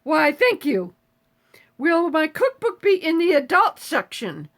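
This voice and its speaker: High-voiced woman in her seventies, salty and chatty. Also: very animated, takes it slowly, fairly bright tone. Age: 70s. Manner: chatty, salty, swears casually. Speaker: host of a live stream. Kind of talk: casual live-stream chat reading viewer comments.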